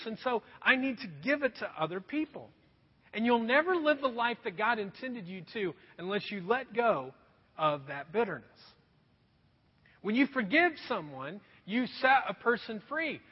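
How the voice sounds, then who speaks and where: A man's voice: very high voice, husky. A man in his thirties preaching a sermon, telling stories earnestly and calling his listeners folks. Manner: earnest storytelling preacher, addresses the crowd as folks. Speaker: pastor. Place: church hall. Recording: dull echoey hall recording.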